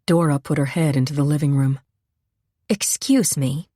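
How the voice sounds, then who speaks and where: A woman narrating a suspense novel audiobook in a measured, even reading. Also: deep voice, no room sound, clean studio sound. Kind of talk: scripted narration.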